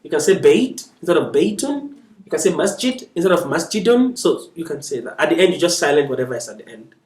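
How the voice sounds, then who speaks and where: A man's voice: on the high side, very animated, fast talker, darkish tone. A man teaching a beginner Arabic lesson, patient and checking in often with his learners, with light chuckles. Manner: chuckles lightly between points. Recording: echoey room, away from the mic.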